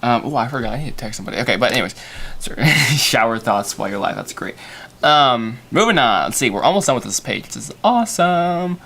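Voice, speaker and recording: A young animator hosts a casual livestream while storyboarding, thinking aloud with self-mocking asides and lots of filler words. His medium-pitched voice is bright, forceful, fast, and lively in intonation.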